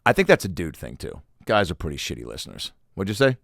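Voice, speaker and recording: A man with a lowish voice riffs through a solo podcast monologue, his pitch swinging widely as he piles up profane, self-mocking stories. The sound is close and dry, with no room around it. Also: quick pace, creaky, no echo. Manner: animated, profane, rambling storytelling; self-deprecating. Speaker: podcast host. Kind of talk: casual comedic solo monologue.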